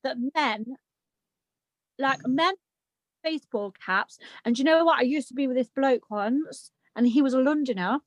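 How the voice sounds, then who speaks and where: A woman's voice: high-pitched, moderate pace, dry recording. A woman in casual conversation, chatty and giggly, using British slang. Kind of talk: casual chat.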